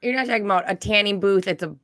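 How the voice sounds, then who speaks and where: A woman co-hosting a radio talk show, reacting quickly and with amusement. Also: mid-range voice, a bit bright, no echo, studio quality. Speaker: radio co-host. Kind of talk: casual chat.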